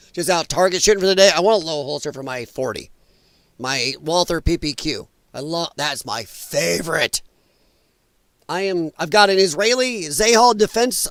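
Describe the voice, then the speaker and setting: A man's voice: sits high, bright, forceful tone, no echo. A middle-aged man hosting a casual political livestream, rambling and joking while reading chat aloud. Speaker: livestream host.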